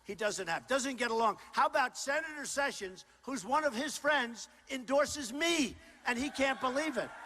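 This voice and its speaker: A man in his sixties giving a loud, ad-libbed campaign rally speech, often repeating his lines. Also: very high-pitched, noisy background. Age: 60s. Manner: loud, repetitive, ad-libbed crowd address. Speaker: political candidate. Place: large rally hall.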